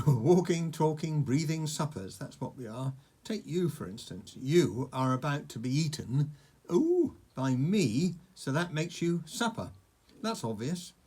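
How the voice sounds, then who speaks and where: A man's voice: a little high, animated, unhurried, dark tone, husky. A man voicing a huge, cheerful and menacing male dragon who talks in a pompous, condescending way.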